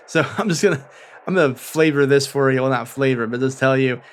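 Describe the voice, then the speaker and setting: A young man narrating as game master of a tabletop game, playful and animated, swearing freely. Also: mid-range voice, fairly quick.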